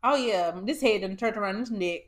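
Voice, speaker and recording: A woman co-hosting a podcast, talking in a lively, laughing, profane way. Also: medium pitch, brisk. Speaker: podcast co-host. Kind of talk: casual chat.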